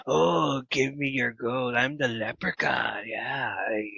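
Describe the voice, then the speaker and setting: A man's voice: medium pitch, slow, vocal fry, bright, forceful tone, husky, no echo, muffled recording, heavily acted. A man putting on a playful film-quote voice of a greedy male leprechaun, drawn out and growly. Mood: teasing.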